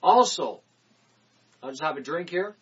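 A man preaching a sermon, emphatic, repeating phrases and swinging from loud declarations to quick muttered asides. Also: fairly high pitch, animated, slightly rough, highs cut off.

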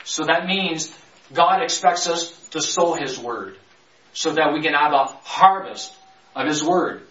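A man with a slightly high, a bit bright voice preaches conversational Bible teaching from a distant mic. He stretches key words slowly and rushes through asides, and the recording sounds roomy, distant and dull.

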